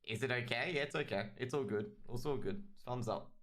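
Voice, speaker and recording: A man's voice: medium pitch, fairly quick, fairly bright tone. A man with an Australian accent giving chatty, rambling solo commentary on a livestreamed match and talking straight to his chat. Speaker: esports caster.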